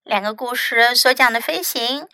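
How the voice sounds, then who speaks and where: A woman English teacher reads a children's story aloud, slow and gentle. Her voice is high and bright. The recording is close and dry. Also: dry recording, poor audio. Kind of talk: bilingual storybook reading for children.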